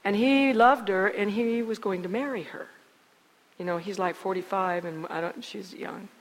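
A middle-aged woman shares an emotional testimony in the earnest, dramatic way of a church storyteller, breaking off and restarting her sentences as she goes. Her voice sits at an ordinary woman's pitch. A long reverb trails behind it, as in a large hall. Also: steady tone, moderate pace. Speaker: speaker giving a testimony.

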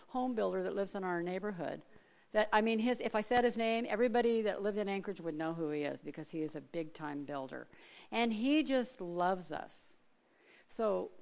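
A middle-aged woman from Alaska, speaking in a mid-range voice, gives a chatty church sermon full of personal stories. She laughs often and acts out other people's voices.

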